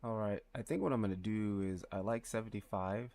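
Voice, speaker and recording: A man streaming live as a 3D artist, speaking low and quietly, thinking aloud and muttering numbers to himself as he works. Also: a little fast, dry recording. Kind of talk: thinking aloud while working.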